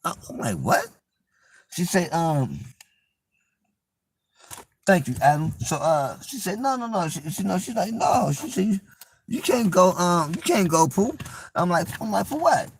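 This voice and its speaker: A man's voice: high-pitched, very animated, a little slow, pauses often, a little hiss or hum. A young man telling a personal story in casual slang, acting out the voices of the people he quotes.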